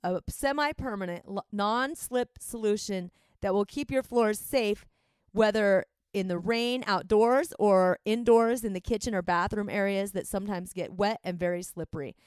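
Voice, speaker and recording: A woman reading a brisk, promotional ad. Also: medium pitch, darkish tone, clean tone, no room sound, clean studio sound. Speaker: ad reader. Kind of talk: ad read.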